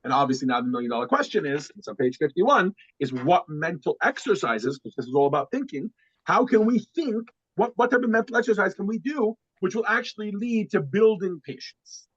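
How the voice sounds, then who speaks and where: Male teacher with a high voice, lecturing and telling a story with many restarts; dry, muffled sound. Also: a little fast, husky, dry recording. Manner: repeats words and restarts often, animated when quoting. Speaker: class teacher.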